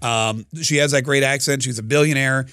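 An opinionated male talk radio host argues in quick, combative bursts, restarting his sentences often. His voice sits in a middle pitch and sounds dry and close, with no room around it. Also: steady tone, pushed and bright, clean tone, no room sound.

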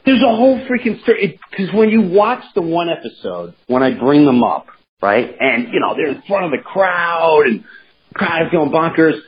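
A man hosting a podcast in casual chat, telling stories in an animated, rambling way with many restarts. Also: on the high side, moderate pace, slightly rough. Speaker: podcast host. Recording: dull lo-fi sound with faint noise.

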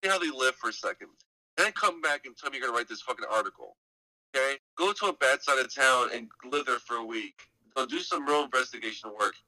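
A man's voice: medium pitch, lively intonation, fast, pushed and bright, dry recording. A man co-hosting a podcast, ranting in a heated, sarcastic, profane way. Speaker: podcast co-host. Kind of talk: casual podcast rant. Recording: dry, distant mic.

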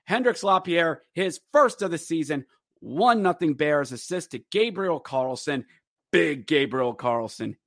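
A man's voice: on the high side, no room sound, studio quality. Chatty man recapping a hockey game. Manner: chatty, rambling with fillers, jumps into excited play-by-play. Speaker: podcast host.

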